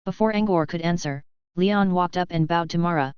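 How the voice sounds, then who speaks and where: A woman narrating an audiobook with a steady, even reading style. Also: lowish voice, a little fast, clean tone, dry recording, dull audio. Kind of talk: scripted narration.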